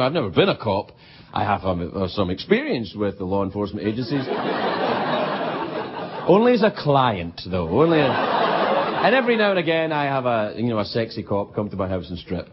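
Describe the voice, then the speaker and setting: A man hosting a late-night talk show, delivering a playful comedy monologue that swings from shouts to mutters. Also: medium pitch, big pitch swings, a little fast, very noisy. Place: TV studio with live audience. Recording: dull broadcast tape with loud audience.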